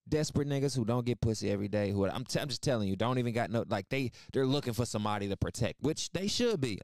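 A man holds forth in casual reaction commentary, blunt and profane, piling on asides and rhetorical questions. His voice is smooth and resonant, sitting at an ordinary middle pitch. The recording is dry and close, with no room sound. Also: no echo. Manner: blunt, profane, animated storytelling with repeated asides. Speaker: online commentator and podcast host.

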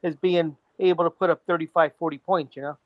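A man in a casual sports podcast chat, halting and full of restarts, with dry, deadpan mockery. His voice is mid-pitched and the sound is dry and a little muffled. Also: dry recording. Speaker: guest co-host, comedian.

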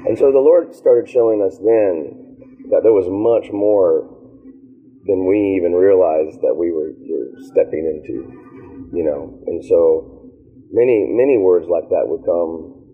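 Low husky guy on a phone-ish line, chatty, tells stories animated, laughs a lot. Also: a little slow, phone-quality sound, faint music behind. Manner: animated, mimics voices in his stories, laughs often. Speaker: worship leader guest. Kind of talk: casual interview storytelling.

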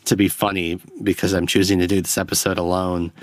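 A man's voice: deep voice, flat delivery, brisk, no echo. A man hosting a podcast alone, rambling through a profane, self-deprecating film review into a close microphone. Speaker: podcast host. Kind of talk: solo film review rant.

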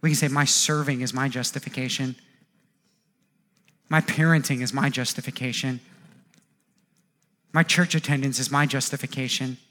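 A man in his thirties preaching a sermon, animated, acting out quoted voices and often repeating words as he goes. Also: mid-range voice, moderate pace, pauses often. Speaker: pastor.

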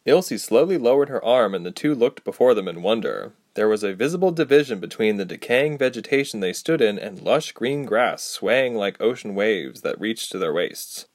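A man narrating a fantasy storybook aloud, expressive and acting out each character. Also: fairly low pitch, moderate pace, hardly any pauses, no echo, studio quality.

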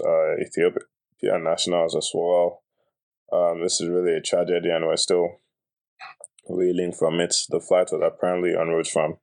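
A young man hosting a podcast, giving a solemn news announcement in a hesitant, halting way with many fillers. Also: deep voice, creaky, a little mellow. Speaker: podcast host.

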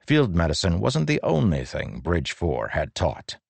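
A man with a somewhat low voice reads an audiobook at a slow, steady pace. The recording is dry and close, with no room sound. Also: creaky, dry recording. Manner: steady, unhurried reading. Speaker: audiobook narrator. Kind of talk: scripted narration.

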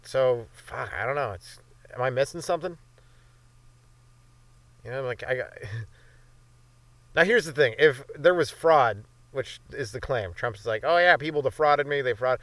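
A man's voice: mid-range voice, animated, a little slow, long pauses, fairly bright tone, no room sound. A young Canadian man hosting a comedy podcast, rambling through a profane solo monologue and slipping into silly voices. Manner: profane, jumps between bits and silly voices. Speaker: podcast host.

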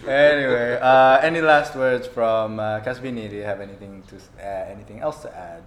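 A man's voice: mid-range voice, fairly even intonation, fairly quick. A man hosting a podcast, teasing guests and prompting them to wrap up. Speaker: podcast host. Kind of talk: casual chat. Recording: echoey room, faint hum.

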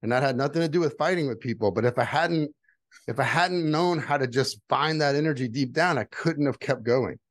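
A man's voice: mid-range voice, brisk, dry recording. A middle-aged man telling earnest personal stories in casual conversation as a guest. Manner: earnest storytelling. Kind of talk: casual chat.

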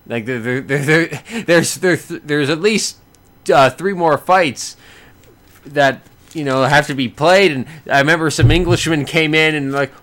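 Rambling man excitedly recapping a fight. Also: a little high, unhurried. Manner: rambling, many fillers and restarts, excitable. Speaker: boxing fan reviewing a fight. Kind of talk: casual spoken recap.

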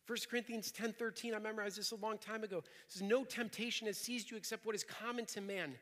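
A young adult man preaching in a lively, conversational style, often repeating himself. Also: high voice, fast. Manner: energetic, conversational preaching with repetitions. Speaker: pastor. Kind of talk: sermon. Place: church hall. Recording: reverberant hall.

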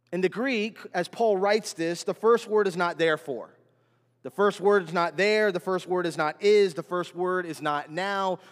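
A man preaching a sermon as pastor, emphatic and repetitive, building in intensity. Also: sits high. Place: church sanctuary. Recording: long hall reverb.

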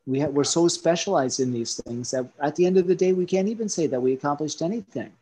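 A man in a casual podcast conversation, telling animated stories and jumping from topic to topic. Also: on the high side, quick pace, slightly rough. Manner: animated storyteller who jumps between topics.

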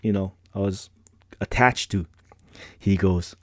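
A man's voice: low voice, takes it slowly, dry recording, studio quality. A middle-aged man hosting a podcast, telling personal stories in a laid-back, rambling way with slang and frequent laughter. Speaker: podcast host. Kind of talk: casual personal storytelling.

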